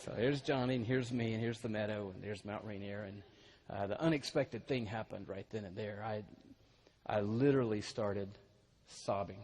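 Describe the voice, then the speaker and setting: A middle-aged male pastor telling a personal story in a sermon, animated and growing loud and excited as it goes on. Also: lowish voice, normal speed, slight background noise.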